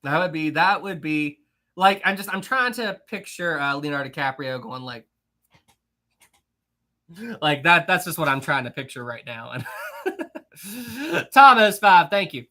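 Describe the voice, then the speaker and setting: Male livestream host: casual, giggly, rambling, bright tone. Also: on the high side, animated, measured pace, long pauses. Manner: chatty, giggly, rambling with many restarts. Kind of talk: casual livestream chat, reading super chats.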